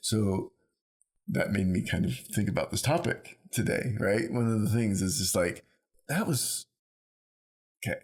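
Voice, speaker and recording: Rambling, animated male podcast co-host. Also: lowish voice, measured pace, pauses often. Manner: rambling, animated storyteller who acts out quotes. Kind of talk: casual conversation.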